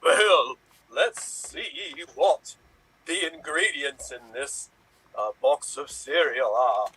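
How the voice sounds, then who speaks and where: A man playing a rock star reading a cereal box, in a slow, theatrical, horror-movie drawl. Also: fairly high pitch, expressive, bright, forceful tone, breathy edge, full character voice, rough recording.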